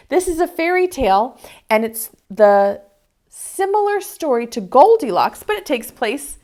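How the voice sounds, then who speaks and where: A woman's voice: high voice, sing-song, a little slow. A woman preschool teacher in an online video class, reading a picture book aloud expressively and asking the children questions.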